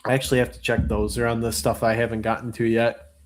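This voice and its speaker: This is a man hosting a casual live auction stream. His talk is playful and jokey as he chats through the lots. His voice sits at an ordinary, mid-range male pitch. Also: level tone, fast talker. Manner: playful, jokey, chats while sorting and labeling. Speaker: livestream auction host.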